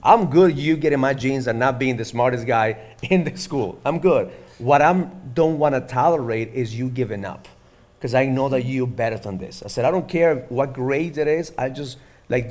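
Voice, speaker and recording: A man's voice: mid-range voice, a little mellow. A middle-aged man speaking earnestly as a father, rambling with lots of fillers in a casual conversation. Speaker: father and podcast host.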